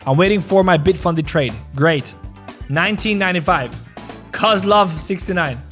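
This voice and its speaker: A man's voice: high voice, moderate pace, fairly bright tone, faint music behind. Joking male crypto stream host. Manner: joking, laughing, repeats phrases. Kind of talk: casual livestream chat and market analysis.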